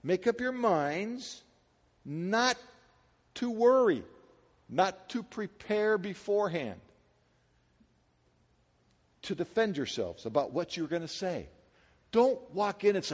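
This high-voiced male pastor preaches with energy at a measured pace, pausing often and swinging from loud peaks to quiet asides. Rhetorical questions come thick and fast, delivered casually and conversationally. A large hall gives his voice a long reverb.

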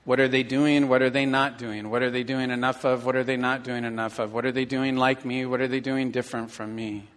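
A middle-aged man preaching a sermon to his church, telling stories with animated, acted-out inner dialogue. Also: mid-range voice, brisk, hardly any pauses. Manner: animated storytelling, acting out his own inner voice. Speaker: pastor.

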